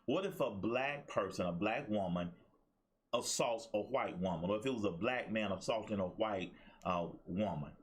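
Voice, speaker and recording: A man with a fairly low voice hosts a casual commentary show. He talks conversationally, with "uh" fillers and repeated points. His manner is relaxed and direct. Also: normal speed, breathy edge. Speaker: host.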